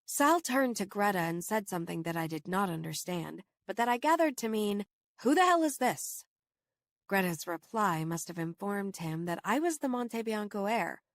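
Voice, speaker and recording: A woman reading a first-person horror novel aloud in steady, measured audiobook narration. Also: medium pitch, vocal fry, no room sound, studio quality.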